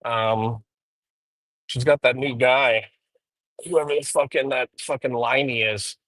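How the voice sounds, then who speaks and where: A man's voice: medium pitch, fairly even intonation, takes it slowly, fairly bright tone, no echo, low-quality recording. A man streaming live while driving, rambling through profane drama commentary with frequent ums. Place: inside a car.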